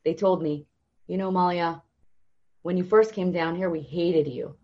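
At a measured pace and in a lowish voice, a young podcast guest tells stories conversationally, performing the voices of people she mentions. She's a lively storyteller, though the audio comes across dull.

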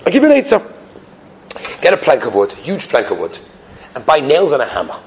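A man voicing a calm rabbi who gives practical advice. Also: on the high side, a little fast, background noise, pitched below the performer's own voice. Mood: advising. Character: wise calm male rabbi giving advice.

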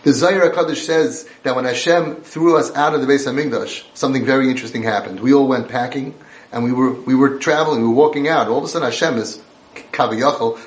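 A man's voice: medium pitch, reverberant. Emphatic man giving a Torah lecture. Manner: emphatic, repetitive, conversational. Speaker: Torah teacher and parenting coach.

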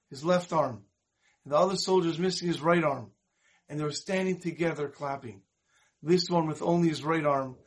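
A man teaching a Torah class, telling a moral story in an animated storyteller's manner. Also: fairly high pitch. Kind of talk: storytelling lesson.

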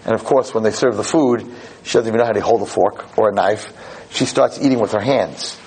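A man teaching a Torah lesson through animated storytelling, repeating phrases for emphasis. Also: lowish voice, fairly quick, husky, low-quality recording.

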